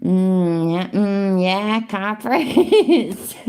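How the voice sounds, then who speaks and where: A woman's voice: mid-range voice, drawn-out words, a little mellow, smooth. A British woman hosting a reaction video, commenting casually in a sweary, sarcastic way and laughing often.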